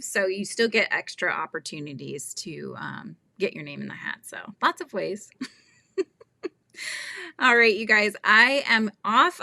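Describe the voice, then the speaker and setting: Bright chatty woman hosting a live stream. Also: medium pitch, no room sound. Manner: chatty and scatterbrained, laughs often. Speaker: livestream host. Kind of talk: casual live-stream chat.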